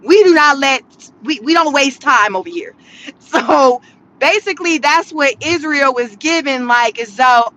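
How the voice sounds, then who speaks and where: A woman's voice: high-pitched, unhurried, pushed and bright, a little hiss or hum, rough recording. A woman giving casual, slangy commentary from her car, with laughing asides. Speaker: vlogger.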